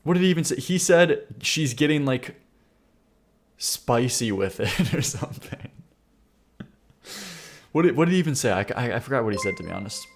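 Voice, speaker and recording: A man's voice: mid-range voice, animated, rapid-fire, few pauses. A man streaming live, chatting casually as he reacts to viewer submissions, rambling, stammering and laughing often.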